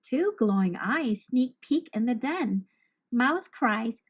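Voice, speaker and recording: A woman teacher reads a children's picture book aloud in an expressive storytelling manner. Her voice sits fairly high. She takes her time with each line. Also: slow pace.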